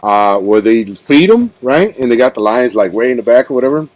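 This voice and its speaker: A man's voice: medium pitch, animated, fairly quick, darkish tone. A man hosting a casual podcast interview, rambling and slangy, calling his guest bro and dude. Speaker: podcast host.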